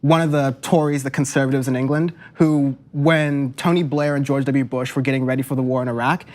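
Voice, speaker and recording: A man's voice: mid-range voice, steady tone, fairly quick, a little mellow. A man on a political commentary panel, laying out background facts.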